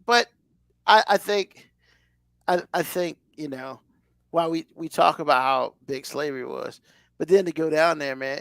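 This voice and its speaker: A man's voice: on the high side, creaky, a bit bright, no echo, clean studio sound. A man co-hosting a podcast, chatting casually in a rambling way full of fillers. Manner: rambling, loose, lots of fillers. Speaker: podcast co-host. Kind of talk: casual chat.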